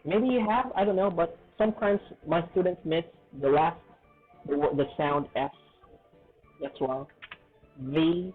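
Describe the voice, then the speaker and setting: A man teaching an English lesson in a casual, earnest way, often checking in with "okay?" and "right?" and stressing words slowly. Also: fairly high pitch, soft background music. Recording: tinny phone-like audio.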